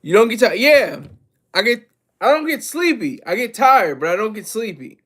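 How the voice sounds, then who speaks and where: A man's voice: sits high, very animated, moderate pace, a bit bright. A man hosting a casual livestream, talking energetically and rambling, with many restarts and asides to his chat viewers. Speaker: livestream host.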